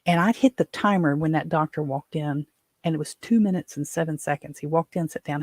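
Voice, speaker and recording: A woman's voice: low voice, brisk, dry recording, studio quality. A middle-aged woman from West Virginia hosting her own show, rambling through exasperated stories with lots of fillers. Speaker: podcast host. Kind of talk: casual chat.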